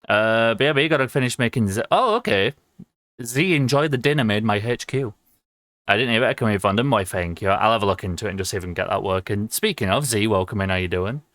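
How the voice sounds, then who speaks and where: A man's voice: on the low side, quick pace, a bit bright, no echo, studio quality. A young man, chatting casually with viewers on a livestream, rambling with lots of ums and small laughs. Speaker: streamer.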